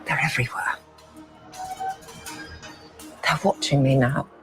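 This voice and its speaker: An actor playing a grim, weary man who warns of change, in slow, brooding film trailer dialogue. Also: mid-range voice, music in the background. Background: loud orchestral score.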